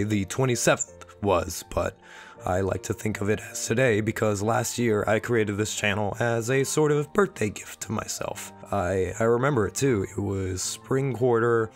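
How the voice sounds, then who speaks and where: A young man with a sick, wheezy voice, rambling casually and self-deprecatingly as he talks to his channel's viewers. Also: lowish voice. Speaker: channel host. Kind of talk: rambling personal vlog talk.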